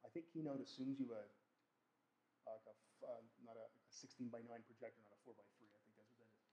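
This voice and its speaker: A man's voice: medium pitch, fairly even intonation, a little fast, warm tone. A man lecturing a statistics class in an informal, joking way, often restarting and correcting himself. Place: lecture hall. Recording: echoey lecture hall.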